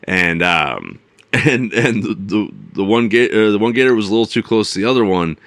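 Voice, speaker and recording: Male podcast co-host, deep voice, rambling casual storyteller. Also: lively intonation, normal speed, fairly bright tone, no room sound. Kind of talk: casual chat.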